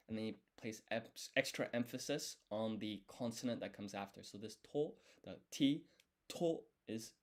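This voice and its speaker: A man thinking aloud as he studies, explaining each step and quizzing himself under his breath. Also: on the low side. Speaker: language learner streaming his study. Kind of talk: thinking aloud while studying.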